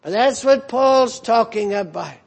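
Husky-voiced man preaching a slow sermon. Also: very high-pitched, expressive. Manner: earnest, rebuking, emphatic repetition. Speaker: pastor.

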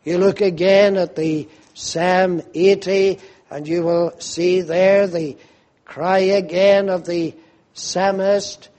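A man preaching a fervent sermon, slow and emphatic, rising to loud cries when quoting pleas to God. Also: high voice, fairly even intonation.

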